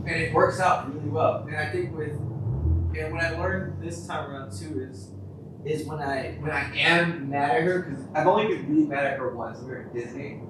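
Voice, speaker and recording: A man in his thirties co-hosting a podcast, telling personal stories in a blunt, profane, animated way. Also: medium pitch. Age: 30s. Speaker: podcast co-host. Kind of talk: candid casual conversation. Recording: echoey room, mic at a distance, noisy.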